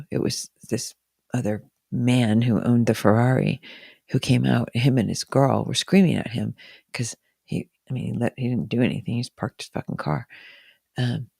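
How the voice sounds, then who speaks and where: A woman's voice: rumbling low, vocal fry, dark tone, husky, dry recording, clean studio sound. A woman talking casually and emotionally on a live stream from home, swearing freely and speaking openly.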